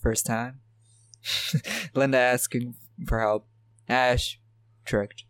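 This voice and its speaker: A man's voice: medium pitch, fairly even intonation, very slow, fairly bright tone. Man casually recapping a horror film. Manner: laughs often, plays back the plot beat by beat. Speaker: podcast co-host recapping a film.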